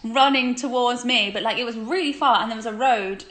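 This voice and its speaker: A woman's voice: on the high side, a little fast, a bit bright, slight background noise. A young woman in her twenties, co-hosting a casual phone live stream, chatty and giggly as she reads out viewer comments. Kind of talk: casual chat.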